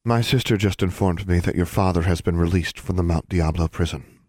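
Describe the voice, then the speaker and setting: A stern woman dean speaks in a low, dry, formal tone with a slight edge, as a male reader gives her lines. Every word is measured and precise. A storybook figure of quiet authority. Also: no echo.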